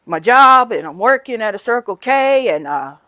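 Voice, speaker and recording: A middle-aged woman, a guest on a recovery podcast, telling her story candidly and haltingly, often tagging "right?" and "you know". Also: on the high side, big pitch swings, bright, forceful tone.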